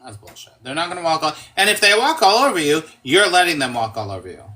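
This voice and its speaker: Bright, emphatic man acting out quotes. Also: fairly high pitch, sing-song, quick pace. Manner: emphatic, swears freely, acts out quoted speech. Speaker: guest. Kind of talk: casual conversation.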